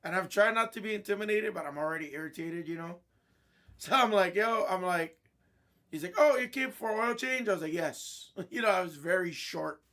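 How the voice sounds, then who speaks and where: A man, a host of a card-breaking stream, telling a blunt, irritated story in casual chat, clearing his throat often. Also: high-pitched, a little fast, pushed and bright.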